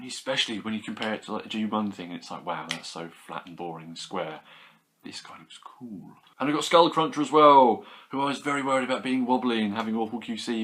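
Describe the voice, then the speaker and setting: A young British man chatting casually about his toy haul, enthusiastic and rambling, with quick asides. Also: on the low side, fairly bright tone. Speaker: toy collector vlogger. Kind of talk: casual chat.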